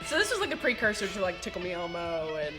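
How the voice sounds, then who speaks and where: Giggly woman with a lively voice. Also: lowish voice, fast, over music. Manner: giggly, enthusiastic. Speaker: panelist reacting to old ads. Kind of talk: casual chat.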